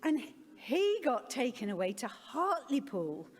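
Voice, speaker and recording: A middle-aged woman tells a personal story to a conference audience, frank and wryly self-deprecating. Her fairly high voice rises and falls a lot. The sound carries a long reverb from the large hall. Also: very animated, unhurried, breathy edge. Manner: candid, with wry self-deprecating humour. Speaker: conference speaker, parent.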